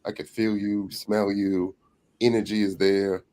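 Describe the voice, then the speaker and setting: A man speaking as a guest on a panel show, laid-back and relaxed, often saying "you know.". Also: fairly low pitch, unhurried, poor audio. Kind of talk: casual panel chat.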